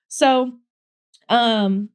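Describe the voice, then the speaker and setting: A woman in her late twenties hosting a podcast, telling a story in casual chat, animated and profane, jumping higher when she quotes people. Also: extremely slow, clean tone, no room sound. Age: late 20s. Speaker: podcast host.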